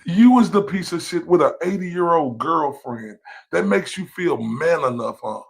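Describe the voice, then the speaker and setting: He's a livestream host based in Dallas, Texas, and his heated rant is full of profanity, taunts, and confrontation. The man's voice is a little high, creaky, and husky, moving a little slowly but with lively intonation.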